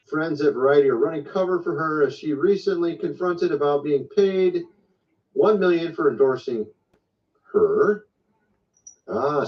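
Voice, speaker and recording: A man from Michigan hosting a casual online commentary, rambling in a conspiratorial tone. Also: on the high side. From Michigan, USA. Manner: conspiratorial, rambling, lively delivery. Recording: distant, muffled lo-fi sound.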